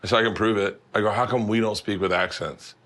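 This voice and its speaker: A man hosting a casual chat, telling loose, rowdy stories with lots of laughter while high. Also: steady tone, fast, a bit bright. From United States. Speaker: podcast host.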